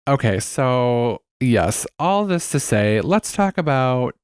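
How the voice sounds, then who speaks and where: A man's voice: medium pitch, very animated, slow pace, clear, resonant tone, no echo, clean studio sound. A man co-hosting a podcast in casual chat, candid and rambling, often breaking into giggles. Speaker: podcast co-host.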